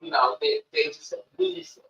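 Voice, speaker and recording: A woman telling a personal story on a podcast, expressive and animated, often repeating "I said" as she recounts a conversation. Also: normal speed. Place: studio. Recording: roomy, distant, dull sound.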